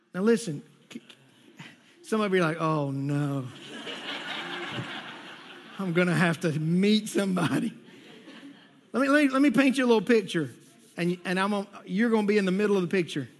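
A male pastor giving a conversational sermon to his congregation, often repeating words as he goes. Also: sits high. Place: church sanctuary.

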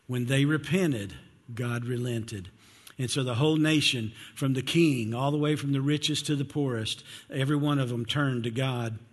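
Husky-voiced man preaching in a reverberant church. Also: medium pitch, moderate pace. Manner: conversational, asks the congregation questions, repeats words when he stumbles. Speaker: pastor. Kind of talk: sermon. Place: church sanctuary. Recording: long hall reverb.

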